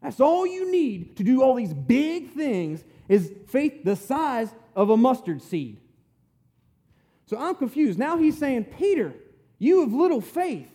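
A man's voice: extremely high pitch, sing-song, slow pace, warm tone. A man preaching a conversational sermon, retelling scripture in plain, folksy, emphatic words.

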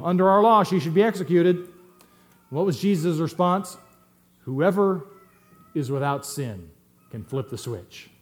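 A middle-aged man preaching a sermon as pastor, swinging between loud emphatic stresses and quiet asides. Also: medium pitch.

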